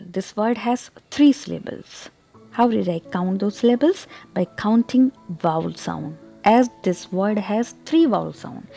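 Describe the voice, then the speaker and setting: Mellow-voiced woman teaching English pronunciation. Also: mid-range voice, vocal fry. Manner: careful, deliberate explaining with demonstrated stressed words. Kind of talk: online pronunciation tutorial.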